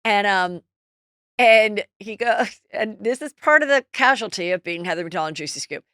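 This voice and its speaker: A middle-aged woman hosting a podcast, chatting casually and gossiping about celebrities in an animated storytelling way. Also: medium pitch, moderate pace, no room sound, studio quality. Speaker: podcast host.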